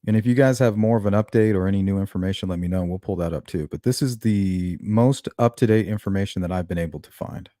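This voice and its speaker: Guy with a low mellow voice, casual true crime commentary, dry close sound. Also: quick pace, hardly any pauses, no room sound. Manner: conversational, thinking aloud with fillers. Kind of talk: casual commentary on news clips.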